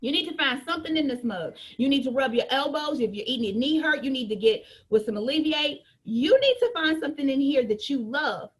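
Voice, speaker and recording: A woman's voice: high-pitched, lively intonation, fairly quick, few pauses. A woman giving an emphatic, joking business training talk, repeating her points and preaching to her team.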